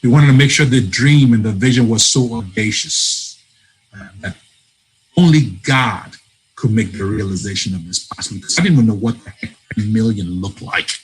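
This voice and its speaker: A man from Africa, a guest on an interview, telling a personal story in a lively way, acting out voices and laughing often. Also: on the low side, moderate pace, soft background music, low-quality recording. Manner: animated storyteller, laughs often, acts out dialogue. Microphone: remote call.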